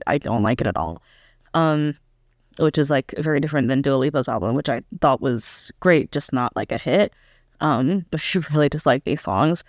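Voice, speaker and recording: A woman's voice: low voice, dry recording, clean studio sound. A young woman giving a casual, candid reaction review of a pop album, hesitant and full of "um" and "like" as she thinks aloud. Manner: candid, self-questioning critique.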